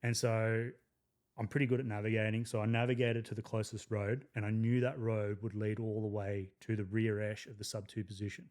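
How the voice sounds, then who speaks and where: A man's voice: fairly low pitch, brisk. Swearing Australian man telling war stories. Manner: crude, swearing, lively anecdotes with frequent "like". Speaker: podcast guest, army veteran. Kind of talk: casual storytelling.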